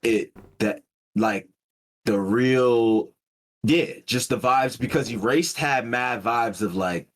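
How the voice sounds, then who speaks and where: A man co-hosting a casual podcast chat, talking in halting restarts and loose slang. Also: mid-range voice. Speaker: podcast co-host.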